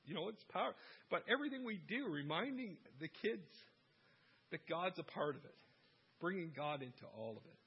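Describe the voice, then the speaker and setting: A middle-aged man with a medium-pitched, slightly breathy voice chats casually about faith and parenting. He's a Christian speaker on family life who tells warm stories and laughs at himself. The recording sounds dull and lo-fi.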